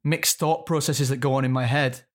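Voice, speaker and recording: A man's voice: medium pitch, fairly even intonation, normal speed. An English man speaks as an actor guest in a casual interview. He thinks aloud and often restarts his sentences as he works his ideas out.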